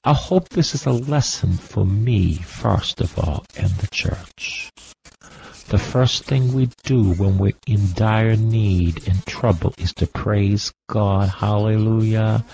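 Man, sermon, slow drawn-out pace, gravelly, repetitive impassioned cadence. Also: lowish voice, warm tone, rough recording. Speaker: preacher.

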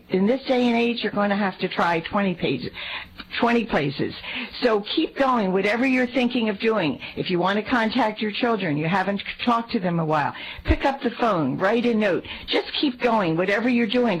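An earnest woman shares a reflection on faith as she talks with a priest. Her voice has a gravelly edge at a middle pitch. She often repeats and restarts her words. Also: low-quality recording. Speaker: lay speaker in talk with a priest.

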